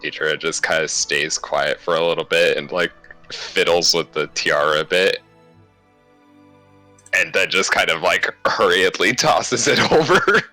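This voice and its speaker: A man's voice: low-pitched, a little slow, bright, forceful tone, soft background music. A man playing in a tabletop role-playing game, describing his character tentatively. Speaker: player.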